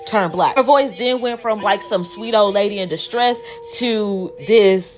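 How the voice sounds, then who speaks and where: Woman, storytelling, profane and animated, faint music underneath. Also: medium pitch, unhurried.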